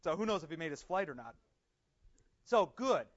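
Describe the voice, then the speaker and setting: Friendly, affirming man leading a church study group; conversational and quick to laugh, higher voice, dull lo-fi recording. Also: big pitch swings. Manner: chatty and affirming, laughs often. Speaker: church discussion leader. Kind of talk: casual group teaching.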